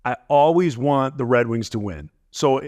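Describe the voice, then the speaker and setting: A man's voice: medium pitch, normal speed, a little mellow. A man co-hosting a podcast in a loose, rambling chat, laughing often. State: out of breath. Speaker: podcast co-host. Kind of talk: casual chat.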